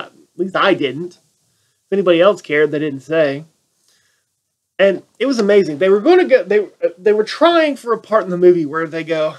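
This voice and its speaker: A man giving a casual, sarcastic film review rant and mocking the plot. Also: high voice. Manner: sarcastic, acts out quotes in mocking voices. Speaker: movie reviewer.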